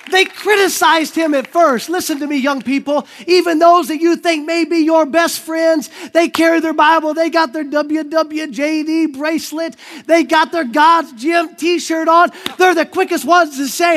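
Energetic youth preacher, high bright voice, shouts often, slangy. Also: male voice, moderate pace. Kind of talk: sermon.

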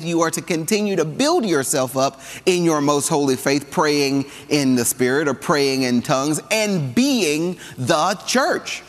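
Southern preacher guy, slightly high voice, chatty and funny, big church echo. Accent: Southern US drawl. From Southern United States. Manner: animated, conversational preaching with humor and call-and-response. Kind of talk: sermon. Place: church sanctuary. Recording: long hall reverb.

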